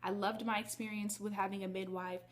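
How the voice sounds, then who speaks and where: A woman's voice: mid-range voice, little pitch movement, brisk. A woman vlogger telling a personal story to her viewers in a candid, chatty way. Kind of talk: casual storytelling to camera.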